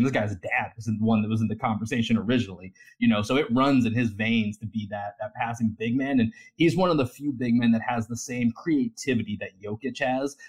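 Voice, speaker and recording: Slightly husky man explaining calmly. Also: on the low side. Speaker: podcast co-host. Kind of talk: casual sports podcast chat.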